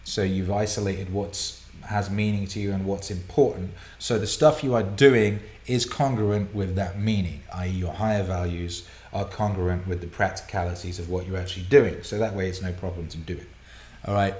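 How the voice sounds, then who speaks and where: A man hosting a live viewer Q&A broadcast from a home studio, excitable and profane, laughing and rambling as he reads out questions. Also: low-pitched, moderate pace, hardly any pauses, roomy sound. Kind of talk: casual live-stream chat, reading viewer questions.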